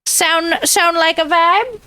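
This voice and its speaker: A woman's voice: very high voice, slow, bright, forceful tone, dry recording. A bubbly, chatty woman streamer who giggles as she talks to her chat while reacting to videos.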